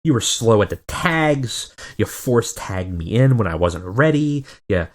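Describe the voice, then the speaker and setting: A man's voice: fairly high pitch, huge pitch swings, slow pace, pitched above the performer's own voice, full character voice. A man voicing an angry wrestler confronting his brother. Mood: accusing. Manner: exasperated, accusing.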